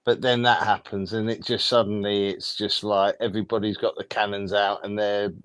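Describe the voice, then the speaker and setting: A man talks football on a casual fan show, voice fairly low. He is relaxed and matter-of-fact and shrugs things off. His delivery is plain and conversational. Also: moderate pace, background noise. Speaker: co-host.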